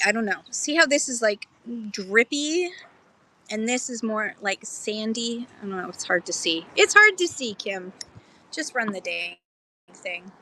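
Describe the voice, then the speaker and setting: A chatty woman hosts a live-stream pottery auction from outdoors in a park. Her voice is bright and slightly high. She explains pieces eagerly between bids, and faint outdoor noise runs under her voice. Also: poor audio.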